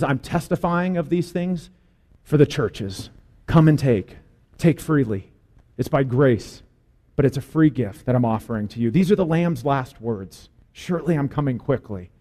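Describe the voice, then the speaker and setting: A man's voice: fairly high pitch, warm tone. A man preaching a sermon as pastor, putting earnest, direct questions to his congregation.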